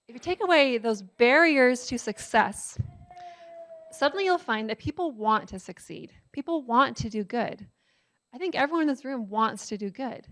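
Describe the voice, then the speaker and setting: A woman's voice: on the high side, lively intonation, normal speed, fairly bright tone. A woman giving a public lecture in a conversational way, often checking with the audience and using filler words. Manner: conversational, asks the audience "right?"; frequent "um" fillers.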